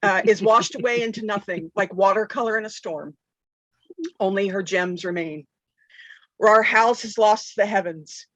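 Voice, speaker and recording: A woman game master narrating a tabletop game with dramatic storytelling, often clearing her throat and correcting herself. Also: mid-range voice, moderate pace, no room sound, highs cut off.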